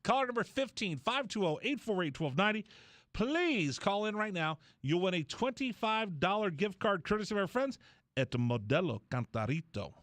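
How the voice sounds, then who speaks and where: Guy on sports radio, kinda high voice, rambling story, dry studio mic. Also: dry recording. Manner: rambling, animated storyteller with quick restarts. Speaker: radio host.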